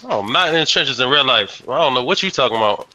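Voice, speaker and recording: A man's voice: medium pitch, animated, fast, sharp tone. A young man in casual game chat, incredulous and slangy, laughing and ribbing a teammate. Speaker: random teammate.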